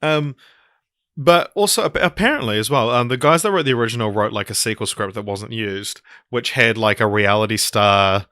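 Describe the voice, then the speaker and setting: Bright, crisp-voiced male podcast host. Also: lowish voice, normal speed, no room sound, studio quality. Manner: rambling, many ums and restarts. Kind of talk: casual film podcast chat.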